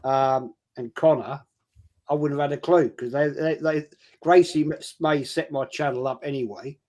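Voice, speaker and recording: A man's voice: on the high side, fairly even intonation, moderate pace, darkish tone. A man co-hosting a live stream, chatting casually, easygoing and self-deprecating, with some hesitant restarts. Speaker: stream co-host.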